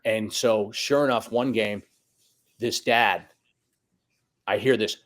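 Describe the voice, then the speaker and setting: A middle-aged man, a high school soccer coach, telling stories in a casual conversation, acting out quotes and cursing now and then. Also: slow. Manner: animated storyteller, acts out quotes, swears.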